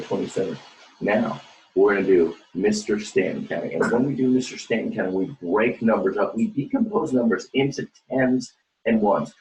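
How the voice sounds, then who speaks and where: A man's voice: deep voice, a little mellow, slight background noise. A man teaching an online class, leading counting and chants in a cheerful sing-song way. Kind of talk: online class morning meeting. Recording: echoey room.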